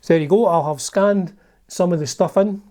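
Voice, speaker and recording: A man's voice: high voice, normal speed, warm tone. A Scottish man hosting a casual video chat, reading from a magazine with chatty, enthusiastic asides. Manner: chatty, enthusiastic asides, swears under his breath. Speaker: vlog host.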